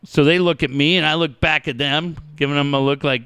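A middle-aged man hosting a talk show, telling stories in a profane, animated way and acting out the people in them. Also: fairly high pitch, a little fast, clean tone, dry recording. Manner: profane, animated storytelling with acted-out voices. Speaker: radio show host. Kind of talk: casual storytelling chat.

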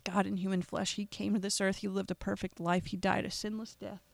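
Podcast host, emotional gospel appeal, earnest and preacherly, gravelly voice, dry close sound. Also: mid-range voice, flat delivery, dry recording. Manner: earnest, preacherly, with pauses and repetition.

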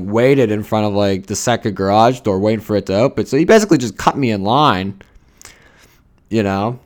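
A young man, ranting casually and profanely, full of fillers and rambling asides. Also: lowish voice. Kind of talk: casual rant.

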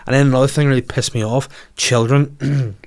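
Man, Northern Irish accent, 30s, comedian, podcast host, comic storytelling, animated, swearing. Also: mid-range voice, brisk. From Northern Ireland. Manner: animated, swearing, acts out voices in quotes.

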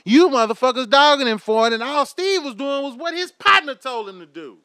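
A man's voice: very high voice, expressive, fairly quick, bright, forceful tone, clear, resonant tone, no echo, clean studio sound. A man in his thirties delivering a heated, profane, preachy rant straight to his audience. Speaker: vlogger.

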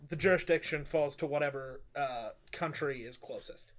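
A man hosting a casual chat, telling stories in an animated way and swearing freely. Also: mid-range voice, normal speed. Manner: animated and profane, tells stories. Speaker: podcast and stream host.

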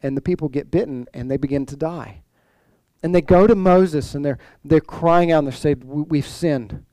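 A man's voice: fairly high pitch, normal speed, dark tone, no echo, poor audio. A male pastor preaching a sermon in a conversational way, full of restarts and rhetorical questions.

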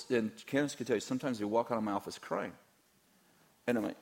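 Fast and gravelly, this mid-pitched voice belongs to a middle-aged man who pastors a church. In a frank Q&A with his congregation, he wanders off topic, jokes around, and often starts over.

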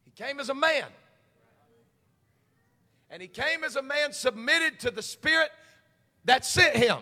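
A man preaching a fervent Pentecostal sermon as pastor, his voice often rising into shouts. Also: very high voice, lively intonation, a little slow. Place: church sanctuary. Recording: long church hall reverb.

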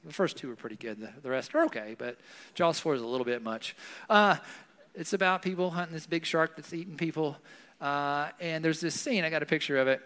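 A man's voice: on the high side, fairly quick, fairly bright tone. A man, a pastor, preaching a conversational sermon in a church with a Southern US accent, often adding "right?" as he talks. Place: church hall. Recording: long hall reverb.

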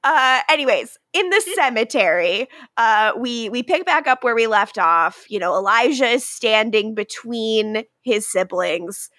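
A woman's voice: fairly high pitch, expressive, measured pace, hardly any pauses, sharp tone, no room sound, clean studio sound. A woman co-hosting a podcast, casually recapping an episode and acting out the characters' lines with plenty of swearing and laughter. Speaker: podcast co-host.

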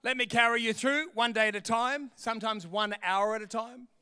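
High, bright-voiced man preaching. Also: moderate pace, clean tone, no echo, clean studio sound. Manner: animated, acts out voices, laughs often. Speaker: pastor. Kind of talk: sermon.

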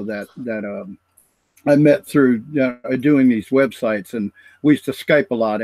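A man's voice: medium pitch, darkish tone, no room sound. A man from the US East Coast hosting a casual podcast chat, rambling and chatty. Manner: rambling, chatty, lots of fillers. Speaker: host.

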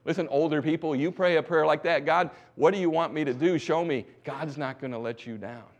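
A middle-aged man from the United States preaching a testimony sermon as a missionary preacher. He exhorts the congregation, swinging between hushed asides and loud bursts. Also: fairly high pitch, brisk, highs cut off.

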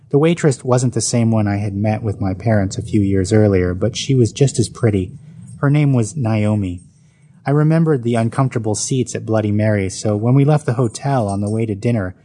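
A man's voice: lowish voice, dark tone. A man reading his own autobiographical story aloud, with dry comic timing.

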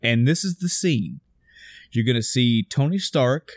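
Excitable, swearing man chatting. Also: mid-range voice, measured pace, no room sound, studio quality. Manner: excitable, swears freely, acts out scenes. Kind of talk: casual chat.

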